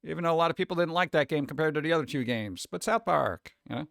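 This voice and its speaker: A man's voice: fairly high pitch, animated, quick pace, creaky, fairly bright tone, dry recording, studio quality. Sarcastic New York man chatting. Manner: sarcastic, mock-exasperated, thinks aloud. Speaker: streamer host. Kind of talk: casual livestream chat reacting to chat.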